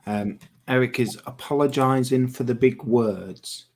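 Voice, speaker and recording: A man's voice: mid-range voice, measured pace, a little mellow. A man from Lincolnshire with a mixed Lincolnshire and Yorkshire accent, chatting casually on a livestream and reading out viewer comments. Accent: English, Lincolnshire with some Yorkshire. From Lincolnshire, England. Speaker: livestream co-host.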